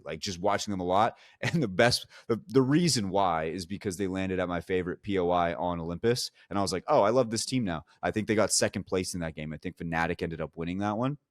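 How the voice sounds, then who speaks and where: Deep-voiced man analyzing esports. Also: no echo, clean studio sound. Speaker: podcast co-host. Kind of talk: casual esports chat.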